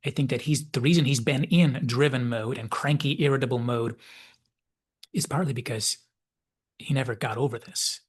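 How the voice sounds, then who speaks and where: A man with a husky, slightly breathy voice talks through a story in a thoughtful analysis. He muses aloud at a middling pitch and now and then sinks into a soft whisper. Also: moderate pace. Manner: reflective, musing, drops into soft whispers at times. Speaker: video essayist.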